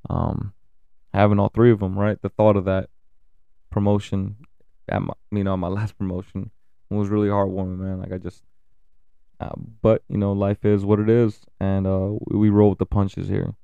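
A man in his thirties talking candidly about his family and kids, swearing often and pausing with fillers. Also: low-pitched, vocal fry, clear, resonant tone, dry recording, phone-quality sound. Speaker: father sharing family updates. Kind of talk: casual personal talk to camera.

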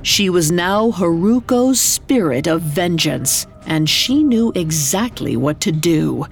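A woman narrates a folk tale in a dramatic, scripted style. Her voice is gravelly with vocal fry and sits a little low. She speaks very slowly, with soft music playing beneath her. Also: lively intonation. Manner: slow, dramatic storytelling delivery. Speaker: podcast narrator. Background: faint music.

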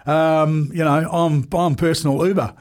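Brief: man, 40s, podcast guest, earnest and halting, slightly high pitch. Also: fairly even intonation, a little mellow. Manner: earnest, halting, many fillers and restarts. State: emotional at times. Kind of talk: candid conversation.

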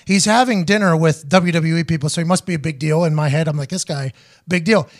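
A man in his thirties hosting a podcast, telling a story in casual chat, animated and profane, acting out the quotes. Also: on the high side, quick pace. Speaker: podcast host.

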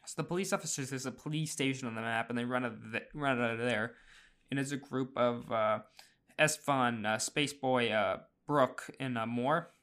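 A man's voice: medium pitch, moderate pace, a bit bright, smooth. A man hosting a casual podcast recap, chatty, with frequent fillers, restarts and small laughs. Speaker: podcast host.

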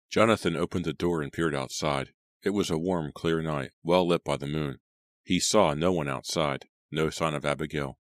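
Very deep-voiced male audiobook narrator. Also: moderate pace, no room sound, studio quality. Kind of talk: scripted narration.

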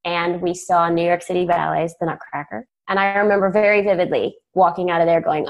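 A friendly young woman from Alabama, talking as a guest on a podcast. Her voice is a little lower than most women's, and she chats easily and laughs often. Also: steady tone, muffled recording. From Alabama, US South. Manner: friendly, chatty, quick to laugh. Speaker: podcast guest, former ballet dancer. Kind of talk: conversational interview.

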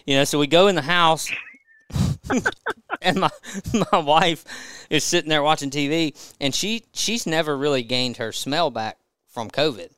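A man's voice: on the high side, unhurried, fairly bright tone, smooth, no room sound. A man casually telling a funny hunting story as a podcast guest, laughing as he goes.

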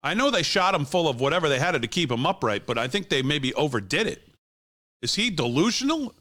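A man's voice: a little high, very animated, brisk, pushed and bright. A man hosting a talk show, giving heated, scornful political commentary and laughing often.

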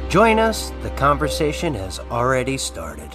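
Announcer: man, formal scripted intro, loud backing music. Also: mid-range voice, huge pitch swings, measured pace.

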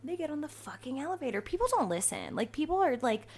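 A woman in her twenties hosting a podcast, telling stories in a casual, profane, animated way. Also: sits high, quick pace. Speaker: podcast host. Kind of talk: casual storytelling monologue.

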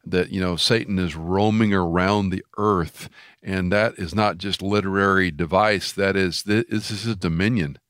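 Man, host, low voice, emphatic storyteller, dry sound. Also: fairly even intonation, moderate pace, a bit bright, no echo. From Houston, Texas. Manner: emphatic, storytelling with quoted dialogue. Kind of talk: interview conversation.

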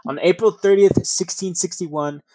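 A man's voice: high-pitched, normal speed, dark tone, dry recording. A man hosting a podcast, mixing read passages with rambling, profane casual asides. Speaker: podcast host. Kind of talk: casual storytelling podcast, reading passages aloud.

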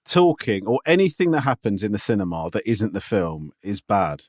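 Male co-host, expressive mid voice, dry sound, skeptical and teasing. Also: on the low side, normal speed, dry recording. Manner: teasing, skeptical, stammers at sentence starts. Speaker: podcast co-host. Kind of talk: casual chat.

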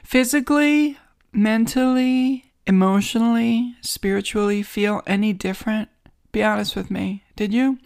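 A woman's voice: medium pitch, measured pace, vocal fry, darkish tone, no room sound, studio quality. A woman with a New York accent hosting a casual solo podcast from a home guest bedroom, sarcastic, rambling and self-mocking. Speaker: podcast host.

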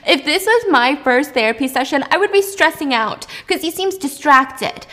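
Woman, fairly high voice, gossipy, animated, casual recap. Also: normal speed. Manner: gossipy and animated, acts out lines. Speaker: vlogger recapping a show.

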